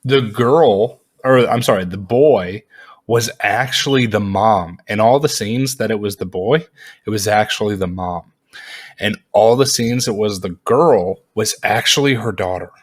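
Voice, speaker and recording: A man casually reviewing a movie in a vlog, rambling and animated, with lots of fillers and frequent laughs. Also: on the low side, measured pace.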